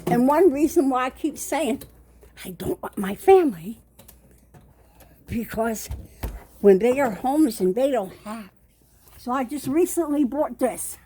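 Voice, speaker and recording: An older woman with a high voice films a slow, animated kitchen walkthrough on her handheld phone, sounding winded and insistent and repeatedly saying "okay." Her tone is dark, the audio poor, and a faint room hum lingers behind her.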